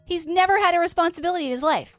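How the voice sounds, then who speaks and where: High-voiced woman, chatty and rambling. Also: rapid-fire, dry recording, soft background music. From Canada. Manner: chatty, rambling, swears freely. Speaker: streamer. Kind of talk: casual storytelling while playing a game.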